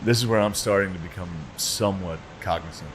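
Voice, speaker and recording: Young male co-host, low voice, laid-back, faint background noise. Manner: laid-back, quick reactions and laughs. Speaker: podcast co-host. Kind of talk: casual chat.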